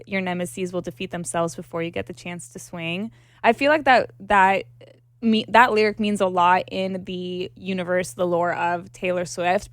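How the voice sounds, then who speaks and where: A woman's voice: medium pitch, fairly bright tone, no echo, studio quality. A woman co-hosting a podcast, chatting casually in a rambling, emotional way. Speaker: podcast co-host.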